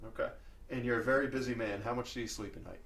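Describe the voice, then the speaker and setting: A man hosting a podcast, asking questions and signing off in a brisk, upbeat way. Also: mid-range voice, steady tone, gravelly, fairly bright tone, slight background noise. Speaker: podcast host. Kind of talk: casual interview.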